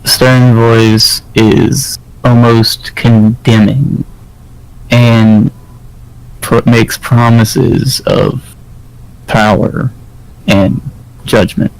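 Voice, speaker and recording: Gravelly, slow man narrating a game. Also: medium pitch, little pitch movement, poor audio. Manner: hesitant, filler-heavy improvised narration. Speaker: game master.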